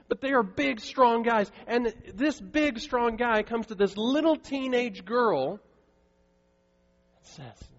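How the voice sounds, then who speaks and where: A man's voice: sits high, in a large hall, dull audio. A man preaching a sermon as pastor, earnest and emphatic, often restarting his sentences. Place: church sanctuary.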